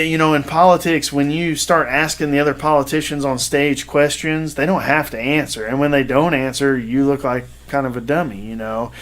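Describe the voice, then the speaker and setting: A man chatting casually on a podcast, his voice sitting a bit high. He rambles with fillers and restarts as he tells a story. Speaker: podcast co-host.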